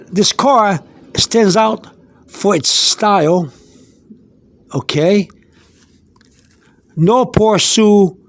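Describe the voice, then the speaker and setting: A man teaching an informal vocabulary lesson, going slowly over each word, spelling words out letter by letter and wandering into asides. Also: high-pitched, dry recording, clean studio sound. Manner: meandering, with many restarts and fillers. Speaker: Spanish teacher.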